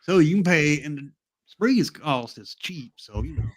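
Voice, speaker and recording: A man's voice: a little high, unhurried. A man with a Southern US accent reading aloud as a co-host in a casual podcast chat. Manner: reads aloud with a lively voice.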